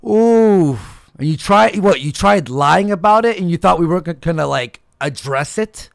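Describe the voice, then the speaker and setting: A man's voice: sits high, lively intonation, normal speed, creaky, no echo, studio quality. A man hosting a livestream of call-ins, ranting angrily and swearing constantly. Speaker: livestream host. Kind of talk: angry livestream rant.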